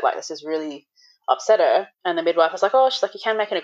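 A woman's voice: deep voice, lively intonation, fast, muffled recording. A woman being interviewed about the birth of her daughter, speaking candidly with lots of "like" and the odd swear word. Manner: candid, full of "like", swears now and then. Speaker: guest. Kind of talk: recounting a personal birth story.

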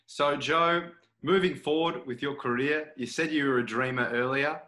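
A man's voice: a little high, normal speed, sharp tone. An Australian man hosting a podcast, asking a mate friendly, enthusiastic interview questions. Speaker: podcast host. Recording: roomy echo.

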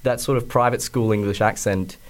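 A man's voice: lowish voice, steady tone, a little fast. A young Australian man with an Australian accent, an actor chatting about his play in a casual radio interview, hesitant with many fillers and restarts.

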